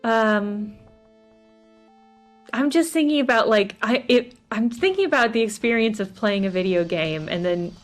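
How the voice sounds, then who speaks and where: A woman's voice: fairly high pitch, measured pace, soft background music. A woman hosting a casual conversation, laughing easily and reacting with enthusiasm. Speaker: host. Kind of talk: casual chat.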